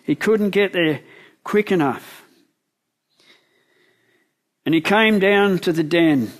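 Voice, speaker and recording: Slow, high-voiced male preacher. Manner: asks the listeners questions, retells the story vividly. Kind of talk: sermon with Bible storytelling.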